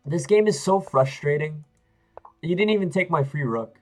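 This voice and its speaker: Playing chess on a live stream, this man narrates to his audience and himself, bouncing from excitement to frustrated grumbling. He speaks at a normal speed in a highish voice, with faint music behind and poor audio.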